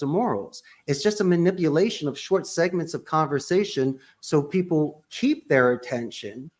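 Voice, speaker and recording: A man who owns a call center, talking as a podcast guest in an emphatic, punchy way that is full of sports and pop-culture references. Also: a little high. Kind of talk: animated interview talk.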